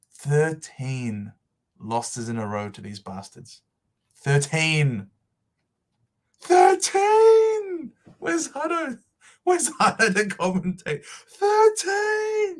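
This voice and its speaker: Slow-talking, gushing man. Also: medium pitch. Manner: over-the-top emotional, shouting and dramatic pauses. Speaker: fantasy football vlogger. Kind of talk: excited casual monologue.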